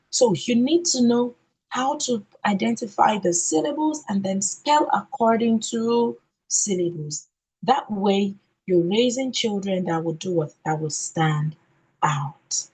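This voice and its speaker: A woman training teachers in phonics, modelling letter sounds slowly and deliberately and checking in with "okay?". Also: medium pitch, animated, darkish tone, breathy edge, rough recording. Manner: ends points with a questioning "okay?".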